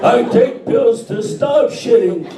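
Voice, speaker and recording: An older man works through a crude stand-up set, drawling his lines and chuckling as he goes. His voice sits high and swoops widely, and his delivery is unhurried. He sounds distant in an echoey club over a loud, laughing crowd. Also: expressive, heavy background noise. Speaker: stand-up comic. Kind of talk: stand-up routine. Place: small club with a live crowd. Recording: echoey room, mic far off, loud crowd.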